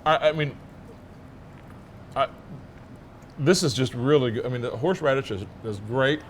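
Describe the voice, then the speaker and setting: A middle-aged news show host, medium-pitched and speaking at normal speed, leads a casual food-tasting chat in a restaurant with slight background noise. He's chatty and jokey, stammering into many restarts.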